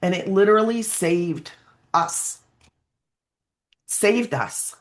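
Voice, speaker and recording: A woman's voice: medium pitch, lively intonation, takes it slowly. Earnest single mom telling her story. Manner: earnest, tearful at times, lots of fillers and restarts. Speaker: guest sharing her story. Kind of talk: emotional personal testimony.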